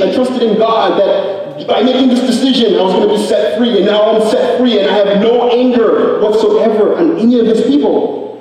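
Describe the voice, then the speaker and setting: A man's voice: very high-pitched, dark tone. A young man from Africa giving an emotional personal testimony at an event. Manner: emotional, earnest storytelling. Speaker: speaker. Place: event hall. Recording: echoey hall from far off.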